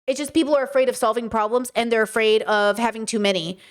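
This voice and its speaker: A woman's voice: fairly high pitch, quick pace. A woman giving reaction commentary, chatty and direct as she lectures her viewers. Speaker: commentary vlogger.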